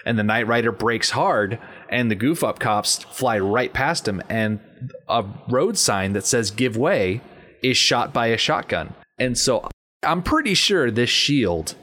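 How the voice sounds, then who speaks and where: A man co-hosting a podcast, telling a movie scene in a playful, animated way. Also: medium pitch, unhurried. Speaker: podcast co-host. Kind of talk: casual movie commentary.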